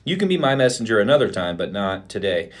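A man's voice: lowish voice, sing-song, fast talker. A man, a pastor, reading scripture aloud, lifting his voice for the quoted speech.

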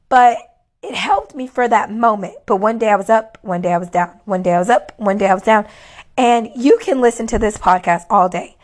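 A woman with a hoarse, worn voice, giving casual faith-based encouragement to viewers and repeating her key lines for emphasis. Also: a little high. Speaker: faith-based motivational speaker.

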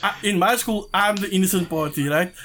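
A young man with a South African accent, a podcast guest telling stories in a loose, animated way, laughing often and swearing freely. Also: high-pitched, brisk, a little hiss or hum. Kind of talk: casual storytelling.

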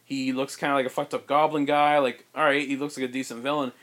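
Pria santai yang bercerita panjang. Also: male voice, mid-range voice, flat delivery, fast, fairly bright tone. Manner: rambling, many "like"s and restarts. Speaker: podcast host. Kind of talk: casual chat, pitching a film plot.

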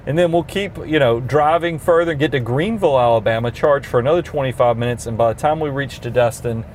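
A man's voice: mid-range voice, fast, a little mellow, slight background noise. A middle-aged man with a Southern US accent, talking through features in casual, enthusiastic car review chat, recorded inside a car. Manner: enthusiastic, explanatory. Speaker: podcast co-host.

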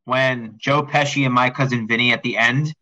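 A young man co-hosting a casual sports podcast, excitable and rambling, with some swearing. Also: medium pitch, moderate pace, highs cut off. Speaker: podcast co-host.

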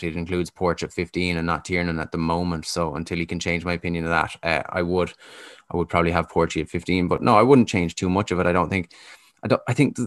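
A man with a very deep, low voice talking casually on a sports podcast. He is opinionated and matter-of-fact, and the sound is dry and close. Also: a bit bright, no room sound. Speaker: podcast co-host.

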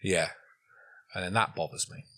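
A man's voice: sits low, moderate pace, bright, forceful tone. A man co-hosting a podcast, chatting casually in a laid-back way with dry remarks. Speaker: podcast co-host. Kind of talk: casual chat.

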